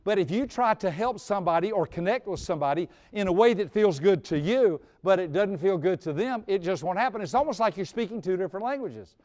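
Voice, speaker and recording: A man's voice: sits high, lively intonation, fairly quick, hardly any pauses, darkish tone. A man in his sixties telling a personal story on stage before an audience, folksy and humorous, sometimes repeating his words. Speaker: speaker on personality types.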